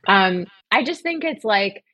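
A woman's voice: mid-range voice, lively intonation, measured pace, bright, forceful tone, no echo. A woman chatting as a podcast guest, enthusiastic and articulate, gushing about work she admires. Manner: enthusiastic, effusive. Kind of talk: casual interview chat.

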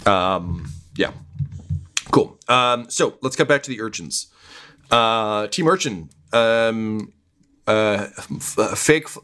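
A man narrating as game master in relaxed, filler-heavy speech. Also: fairly low pitch, slow pace, clean tone.

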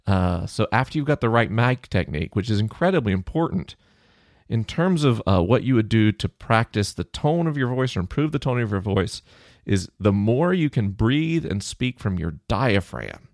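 A man hosting a science Q&A podcast alone in his office, explaining in a relaxed, conversational way into a close microphone. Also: on the low side, moderate pace, dry recording. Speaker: podcast host answering listener questions. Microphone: close studio microphone off to the side of the mouth.

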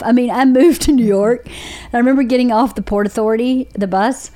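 A woman's voice: a little high, a little fast. Southern woman telling candid stories. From Georgia, USA. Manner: candid storytelling with animated put-on quotes. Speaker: podcast host. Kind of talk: casual chat.

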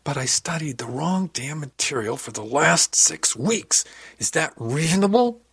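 A man's voice: mid-range voice, brisk, a bit bright, no room sound, clean studio sound, natural voice. A man doing a flustered young crewman. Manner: anxious, self-critical, blurting.

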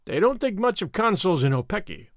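Guy playing an unsure young secretary, wondering, high animated voice. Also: brisk, no room sound, studio quality. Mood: explaining. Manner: doubtful, wondering tone. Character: young doubtful office clerk turned secretary, man.

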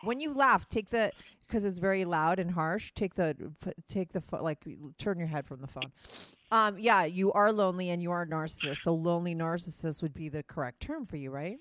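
A woman's voice: fairly low pitch, fairly quick, a bit bright. A woman with a New Jersey or New York accent hosting a podcast, talking in a blunt, chatty way and swearing freely. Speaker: podcast host. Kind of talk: casual chat. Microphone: phone call with co-host.

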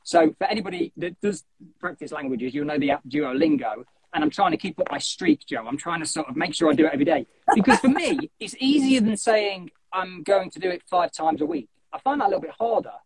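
A young man hosting a running podcast, chatting in an animated, jokey way and often cutting into his own sentences. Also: fairly high pitch, quick pace, poor audio. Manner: animated, jokey, self-interrupting. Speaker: podcast host. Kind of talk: casual chat.

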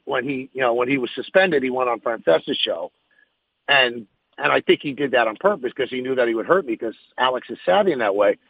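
Frank sports radio host, husky voice. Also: male voice, mid-range voice, no echo, phone-quality sound. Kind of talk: candid interview answers.

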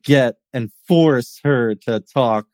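An American man co-hosting a tech podcast, chatting casually and rambling through his stories, often breaking into laughter. His voice sits at an ordinary pitch and sounds dry, close to the mic, with little room echo. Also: slow, darkish tone. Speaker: podcast co-host.

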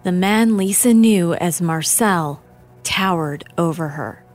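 A woman narrating a true-crime documentary in a measured, grave scripted delivery. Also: on the low side, faint music behind.

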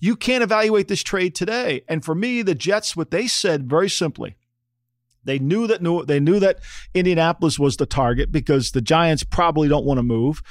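Clean studio sound with no echo carries this middle-aged man's fairly high voice at normal speed. A former NFL front-office staffer, he co-hosts a football podcast, talking sports casually yet emphatically, repeating things and frequently asking "okay?".

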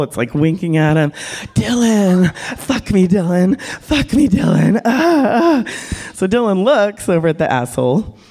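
A woman who works as a porn director, telling a frank, animated story to a live audience and acting out the voices. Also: lowish voice.

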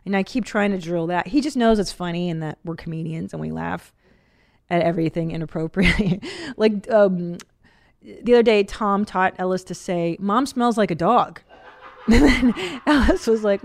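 A woman's voice: mid-range voice, normal speed. Chatty woman host telling stories. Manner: animated storytelling, acts out quotes, laughs often. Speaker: podcast host. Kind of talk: casual chat.

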